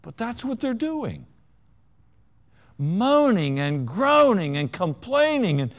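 A male preacher delivers a sermon in a somewhat high voice that leaps and dips with great animation. He drops to near-whispers, then surges loud, and carries a wry, self-mocking humor. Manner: dramatic swings between hushed and loud. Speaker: pastor.

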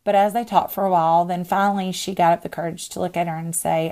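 Woman minister-host, slightly low and gravelly, earnest storytelling with pauses. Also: steady tone, warm tone. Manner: earnest, many pauses and restarts. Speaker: discipleship minister and podcast host. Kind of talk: personal faith storytelling.

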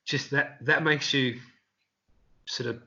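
An Australian man, a street performer, telling rambling, animated anecdotes in a casual interview. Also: mid-range voice, takes it slowly, dull audio.

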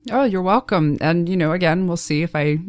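A woman's voice: fairly low pitch, fairly quick, darkish tone, no echo. A woman from Texas with a faint Texas accent, chatting casually in an interview, laughing often and downplaying herself. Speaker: guest narrator.

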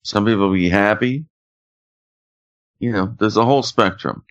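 A man's voice: on the low side, normal speed, fairly bright tone, highs cut off. A man answering in a laid-back way, a guest presenting his song on a casual show. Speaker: guest musician. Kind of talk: casual chat.

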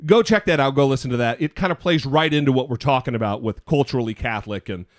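A man co-hosting a podcast in casual chat, talking in an animated, self-deprecating, rambling way. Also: mid-range voice, fast, no echo, studio quality. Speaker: podcast co-host.

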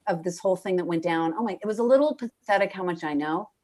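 Animated joking woman. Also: on the low side, quick pace. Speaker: comedian guest. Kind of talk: casual podcast chat.

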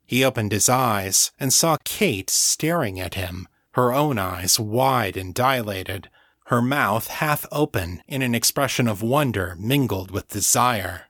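A man reading a novel aloud in slow, measured scripted narration. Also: on the low side, expressive, fairly bright tone, no echo, studio quality. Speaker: audiobook narrator.

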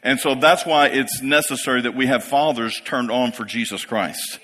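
A man's voice: medium pitch, fairly even intonation, moderate pace, sharp tone. A man in his fifties preaching a sermon to a congregation in a church, building to emphatic peaks and checking in with the listeners. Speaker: pastor. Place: church sanctuary. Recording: long reverb of a large hall.

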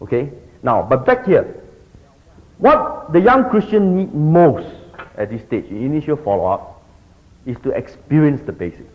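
A man's voice: medium pitch, a little slow. A middle-aged man teaching a group about discipling, often checking in with his listeners. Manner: animated, keeps checking in with the audience. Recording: dull lo-fi recording.

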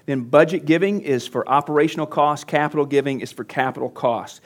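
A pastor teaching church leaders at a conference workshop, talking conversationally and getting animated when he acts out his coaching. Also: a little high, brisk. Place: conference session room.

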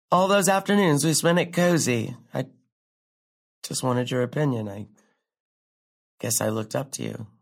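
An actress playing a catty former classmate at a reunion, fake-sweet and passive-aggressive, saying "like" a lot. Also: female voice, extremely low pitch, a little slow, gravelly, pauses often, full character voice. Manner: peppers speech with "like". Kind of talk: contemporary stage drama dialogue.

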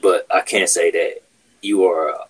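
A man's voice: sits low, steady tone, normal speed, a crowd in the background, poor audio. A man hosting a podcast, telling a workplace story in casual, profane chat. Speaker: podcast host.

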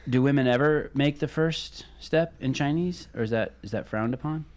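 A man hosting a podcast interview, casual and joking, firing quick follow-up questions. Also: mid-range voice, a little hiss or hum. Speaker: podcast host.

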